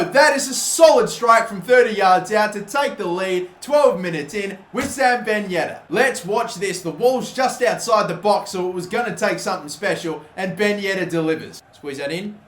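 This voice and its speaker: A young man giving live commentary over a football video game, swearing freely and shouting at big moments. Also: on the high side, reverberant, a little hiss or hum. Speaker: gaming commentator.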